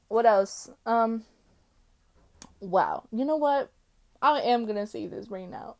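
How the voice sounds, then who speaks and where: A woman from the United States hosting her own podcast in a casual solo chat, rambling and excitable as she jumps between topics with many fillers. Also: fairly high pitch, slow pace, creaky, pauses often. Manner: swings between loud exclamations and quiet mumbling. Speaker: podcast host.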